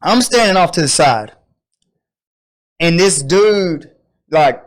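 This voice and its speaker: A man on a podcast spinning a rowdy story in casual, profane talk. His voice sits a little high for a man, and he slips into the people in his story as he goes. The tone stays loose and animated. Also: slow pace. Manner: animated, profane, acts out quotes. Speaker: podcast host.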